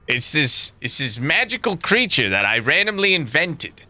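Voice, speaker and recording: A young man chats casually on his livestream, rambling and profane and quick to laugh. His voice is very bright and sits a little high, swinging widely in pitch. The sound is dry and close. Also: very animated, no echo. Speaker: game streamer.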